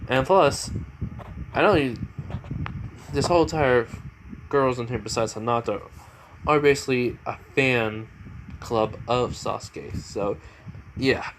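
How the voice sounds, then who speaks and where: A man's voice: mid-range voice, a little slow, pauses often, a little hiss or hum, close to an everyday voice. A man voicing a cocky, joking teenage boy ninja in a fan-made story, teasing in an easygoing tone. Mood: casual.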